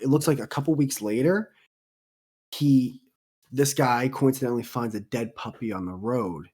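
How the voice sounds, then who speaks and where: A man's voice: mid-range voice, a little mellow, breathy edge. A man hosting a casual podcast chat, telling a story in a heated, profane way. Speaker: podcast host.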